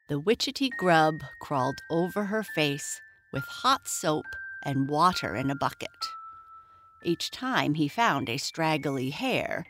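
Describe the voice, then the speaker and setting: Slow, calm woman reading a bedtime story. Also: deep voice. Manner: calm, gentle, soothing. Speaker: podcast host and storyteller. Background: soft music.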